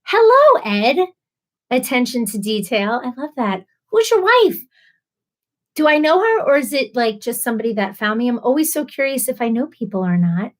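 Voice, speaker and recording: A woman's voice: a little high, animated, brisk. A woman hosting a casual live stream, reading viewer comments aloud, chatty and emotional, laughing often and stumbling over names.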